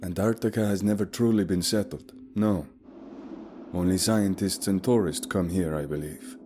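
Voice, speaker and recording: A man voicing a calm, stern male polar guide who speaks in a measured, formal, commanding way, over a steady hiss. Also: low voice, voice pushed up, close to an everyday voice. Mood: grave.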